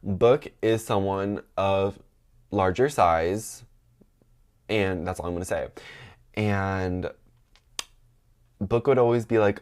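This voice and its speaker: A man's voice: low-pitched, takes it slowly, long pauses, a little mellow. A man in his twenties telling a long, gossipy personal story on a podcast, chatty and full of fillers and asides. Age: 20s. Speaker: podcast host. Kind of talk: casual storytelling.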